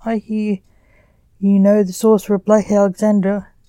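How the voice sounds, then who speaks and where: A woman's voice: mid-range voice, little pitch movement, moderate pace, warm tone, no echo, lightly acted. A woman reading as a sly male ghost.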